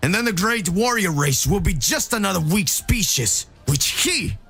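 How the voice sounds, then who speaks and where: A cheerful hero speaks eagerly in a high, lively voice. A man acts him out, with a gravelly, husky grain for a fan story. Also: normal speed, full character voice. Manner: excited, friendly.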